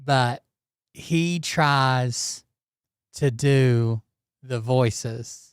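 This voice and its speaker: A man's voice: medium pitch, drawn-out words, smooth, no echo, clean studio sound. A man hosting a commentary show, talking casually in a blunt, profane and sarcastic manner. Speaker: commentary channel host.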